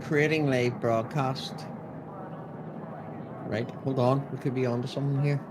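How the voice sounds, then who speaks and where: Man, slow talker, joking and swearing, muttering, streaming setup, noisy background. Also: mid-range voice, fairly even intonation. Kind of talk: casual chat while setting up a stream.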